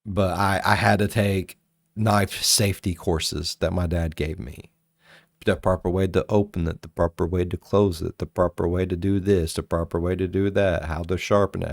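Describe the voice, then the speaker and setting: A man hosting a reaction video, telling rambling, profane stories in a casual, animated way. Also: deep voice, gravelly, no room sound, clean studio sound. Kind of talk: casual storytelling commentary.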